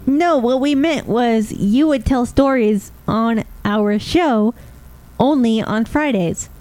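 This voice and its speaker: A woman's voice: on the high side, takes it slowly, darkish tone, dry recording. A woman co-hosting a podcast, talking casually with dry, teasing remarks. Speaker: podcast co-host. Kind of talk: casual chat.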